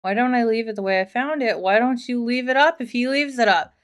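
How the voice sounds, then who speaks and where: A woman's voice: a little high, fairly quick. A woman reading online posts aloud and commenting on them in a chatty way. She talks casually, trails off into asides and swears freely.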